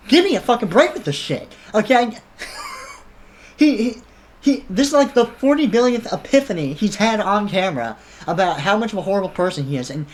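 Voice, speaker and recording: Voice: medium pitch, very animated, normal speed, slight background noise. An online commentator ranting in a heated, sarcastic, profane reaction commentary.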